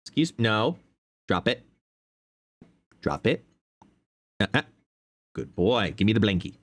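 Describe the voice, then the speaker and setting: A man live-streaming a card game from home, chatting casually and excitably, at times talking to his dog. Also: fairly low pitch, slow pace, long pauses. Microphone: desk microphone with noise canceling.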